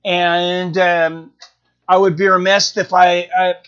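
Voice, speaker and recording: A man's voice: high-pitched, level tone, slow, fairly bright tone, clean tone. A man hosting a live stream, chatting casually and answering viewer comments, thinking aloud with lots of fillers and restarts. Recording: dull lo-fi stream audio.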